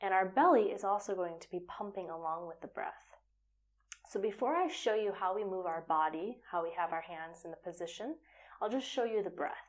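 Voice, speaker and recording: Woman, yoga teacher, calm step-by-step instruction, mid-range voice, occasional breathy whisper. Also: mid-range voice, a little fast.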